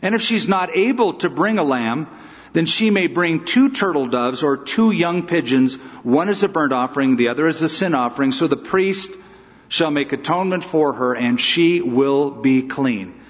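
A man's voice: on the high side, animated, moderate pace, big-room sound, dull audio. A pastor giving an emphatic, conversational expository sermon, asking his listeners rhetorical questions.

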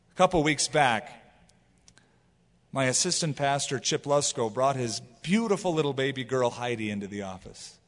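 A man's voice: mid-range voice, moderate pace, in a large hall. A man preaching a sermon as pastor, telling stories and acting out quotes as he goes. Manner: animated storytelling with acted quotes.

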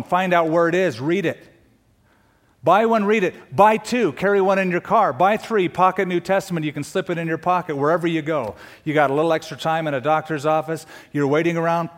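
Earnest preaching man with joking asides. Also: a little high. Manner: earnest, with joking asides and sudden emphatic bursts. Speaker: pastor. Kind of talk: sermon.

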